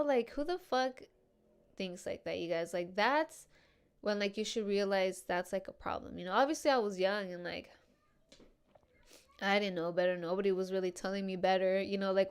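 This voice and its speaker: A woman hosts a casual podcast in a smooth, clean-toned voice. She talks loosely and candidly, full of slang, swearing and "dude," and laughs often as she goes. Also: mid-range voice, a little mellow. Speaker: podcast host. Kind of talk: casual confessional chat.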